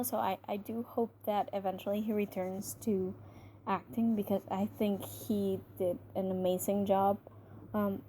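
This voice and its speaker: A woman's voice: medium pitch, dark tone, slight background noise. A young woman giving a casual, gushing film review, chatty with many fillers and restarts. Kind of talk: casual spoken movie review.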